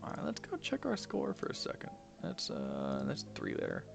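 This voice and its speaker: A young gaming streamer with a creaky bass voice chats casually at a normal speed while he plays, his pitch swooping wildly. He mumbles, swears a lot, and now and then drops to a whisper, with piano music playing behind him.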